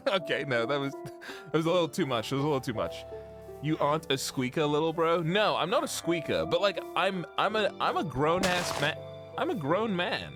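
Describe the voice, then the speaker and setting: Young male streamer, lively and bouncy delivery, rambles and jokes with his chat, faint music behind. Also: fairly high pitch, normal speed. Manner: joking, rambling, reads chat aloud. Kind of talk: casual live-stream chat. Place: at home.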